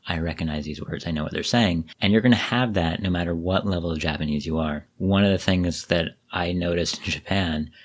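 A man co-hosting a podcast, telling stories in a relaxed, rambling way. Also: sits low, a little fast, hardly any pauses, husky. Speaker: podcast co-host. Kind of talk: casual chat.

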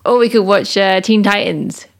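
A woman's voice: mid-range voice, steady tone, moderate pace. Laughing woman in loose podcast chat. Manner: laughs often, loose and informal. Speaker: podcast co-host. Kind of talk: casual chat.

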